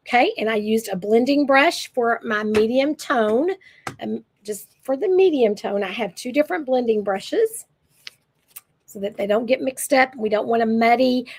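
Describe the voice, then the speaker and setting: An older woman, chatting casually and rambling through a makeup tutorial as a makeup consultant. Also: fairly high pitch. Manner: chatty, rambling, self-correcting.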